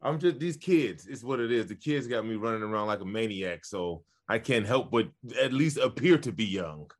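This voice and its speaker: A man chatting as a podcast guest, upbeat and laughing easily, a little halting. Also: fairly low pitch, animated. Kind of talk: casual chat.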